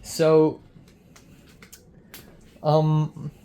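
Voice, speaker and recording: A man's voice: on the high side, monotone, very slow, mellow. A young man, a film student, telling a casual vlog diary in a rambling way, full of "like" and retold bits of dialogue.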